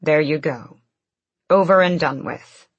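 A woman's voice: low-pitched, slow pace, slightly rough, dry recording, muffled recording, heavily acted. A woman voicing a cold commanding witch. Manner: clipped and commanding. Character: fierce commanding female witch, cold and amused.

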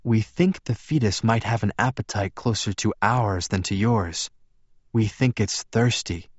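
A man voicing a calm doctor who explains things in a measured way. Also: lowish voice, no echo, dull audio.

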